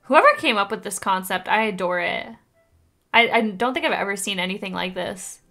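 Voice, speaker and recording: A woman's voice: mid-range voice, fairly quick, bright, forceful tone, faint music behind. A woman with a Canadian accent hosting a reaction video, gushing and laughing often as she comments.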